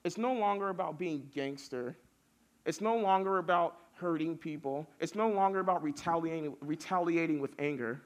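A man's voice: a little high, normal speed. A young man preaching a casual youth sermon, telling stories and building lists with rising force.

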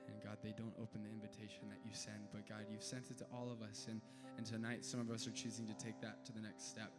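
A man with a low, flat voice leads a calm spoken prayer. A guitar plays loudly behind him the whole time. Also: fast. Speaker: prayer leader. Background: guitar music.

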